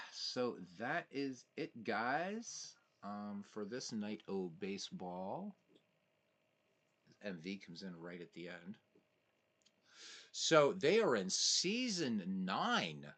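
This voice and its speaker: A man hosting a casual live stream of a baseball sim, calling results and chatting with viewers as he reads their messages. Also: low voice. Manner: chatty, reads chat messages aloud, excitable asides. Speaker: livestream host playing a baseball sim.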